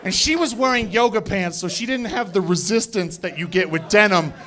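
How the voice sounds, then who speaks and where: A male stand-up comedian from Colorado telling a story on a club stage, acting out quotes with animated bursts and shouts. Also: high voice, brisk, a faint crowd. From Colorado, USA. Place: comedy club stage before a live audience.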